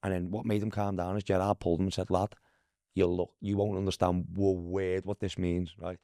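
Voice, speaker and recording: A man's voice: low-pitched, a little fast, gravelly, dry recording, studio quality. A man from Liverpool with a Scouse accent, telling stories in a casual podcast chat and mimicking the people in them. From Liverpool, England. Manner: animated, mimics voices in anecdotes, says "lad" constantly. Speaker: guest, former footballer. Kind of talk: casual storytelling.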